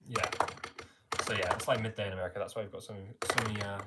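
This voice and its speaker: A man's voice: lowish voice, fairly even intonation, quick pace, very noisy. A young man with an English accent, casually reading out and answering viewer comments on a live stream. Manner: chatty, reads viewer comments aloud, friendly filler "mate". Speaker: livestream host answering chat.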